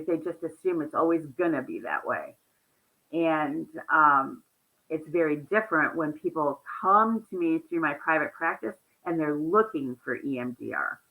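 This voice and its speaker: A woman counselor, a guest in an interview, telling animated stories about her clients, often laughing and quoting their words. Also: low-pitched, phone-quality sound. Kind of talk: conversational interview storytelling.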